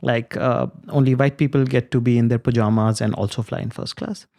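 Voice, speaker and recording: A man who is a comedian, a guest on a podcast, talking in a measured way with frequent pauses. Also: medium pitch, fairly even intonation, mellow. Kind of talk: casual chat.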